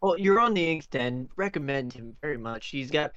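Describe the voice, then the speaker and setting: Rambling game master with a dry, dull mic. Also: male voice, a little high, expressive, moderate pace, a bit bright, no room sound. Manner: rambling, laughs often. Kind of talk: casual stream chat.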